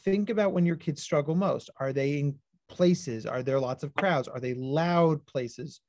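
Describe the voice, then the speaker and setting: A man, a clinical psychologist, giving a high-energy livestreamed talk to parents, explaining ideas plainly and acting out lively stories to make his points. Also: unhurried, no echo. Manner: high-energy, animated storytelling.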